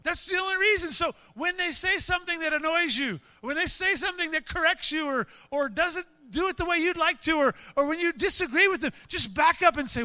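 Male pastor, sermon, very high voice, animated, acts out voices, dry close sound. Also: brisk, few pauses, no echo.

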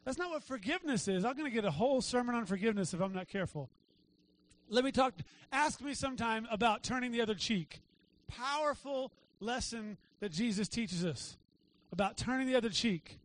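A man preaching a sermon to his church, talking in a casual way and checking in with the congregation with quick asides. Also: extremely high pitch, expressive. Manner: conversational preaching with frequent "right?" asides. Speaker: pastor. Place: church sanctuary.

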